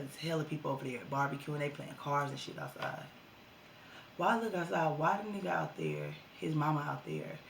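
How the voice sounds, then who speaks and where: A young woman telling a casual storytime vlog to her viewers, animated and slangy. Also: deep voice, vocal fry, echoey room.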